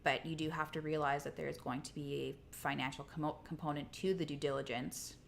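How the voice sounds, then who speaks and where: Low-voiced woman co-hosting. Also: fairly even intonation, brisk, vocal fry, a little hiss or hum. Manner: conversational, many restarts. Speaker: co-host. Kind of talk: casual livestream chat.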